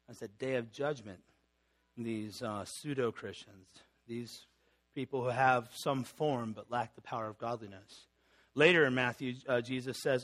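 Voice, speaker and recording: A man's voice: mid-range voice, steady tone, moderate pace, a bit bright. A middle-aged man, a pastor, preaching a sermon in a conversational teaching manner, reading scripture and creeds aloud with fillers and restarts.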